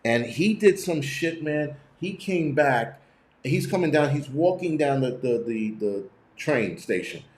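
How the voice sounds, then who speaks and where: A man's voice: on the high side, expressive, measured pace, roomy sound. A man hosting his own channel, telling stories in a profane, rambling way full of restarts and fillers. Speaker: channel host. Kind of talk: casual live-stream rant.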